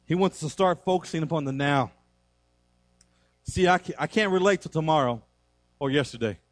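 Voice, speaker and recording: A man's voice: on the high side, moderate pace, no echo, soft background music. A man preaching a sermon as a pastor in church, emphatic and repetitive, quoting scripture.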